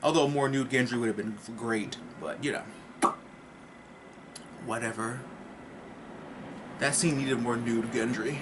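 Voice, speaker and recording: A man's voice: medium pitch, steady tone, measured pace, long pauses, very noisy. Rambling, foul-mouthed man reviewing TV. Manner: rambling and profane, with joking asides. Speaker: TV episode reviewer. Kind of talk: casual review vlog.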